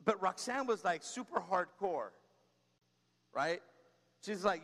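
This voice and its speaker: A man delivering a sermon in a high, light voice, talking to the congregation like a friend and telling stories with humor. He keeps prompting the room with quick asides. His voice trails off into a long reverb from a large church space. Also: lively intonation, gravelly, a bit bright. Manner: conversational preaching, frequent "come on" and "right?"; tells personal stories with humor. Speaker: pastor.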